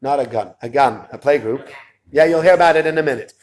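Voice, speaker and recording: A man telling a long personal story in a casual, animated way, dropping his voice low when he quotes other people. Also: quick pace. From lives in Israel.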